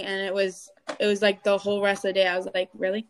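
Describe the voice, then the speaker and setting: A young adult woman speaks candidly as an interview guest. She talks in an animated, storytelling way and often acts out what other people said. Her pitch sits in the middle of the range. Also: a little fast, few pauses, smooth. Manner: animated storytelling, acting out quoted voices.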